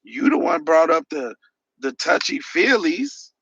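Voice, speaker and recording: Animated, sarcastic man ranting on a livestream. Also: on the high side, unhurried, gravelly, husky, no room sound, dull audio. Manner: sarcastic, mocking, animated rants. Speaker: podcast host reading live chat. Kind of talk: heated livestream commentary.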